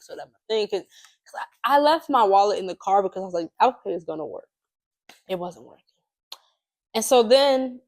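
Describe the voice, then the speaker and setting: A young woman co-hosting a podcast, telling a personal story in a loose, chatty way, with lots of fillers and frequent laughter. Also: mid-range voice. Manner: chatty, animated, laughs often, many fillers. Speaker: podcast co-host. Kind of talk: casual storytelling chat.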